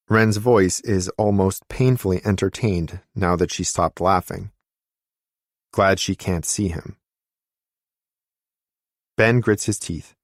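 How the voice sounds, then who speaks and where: A man narrating an audiobook in a measured, wry storytelling manner. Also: sits low, no room sound, studio quality.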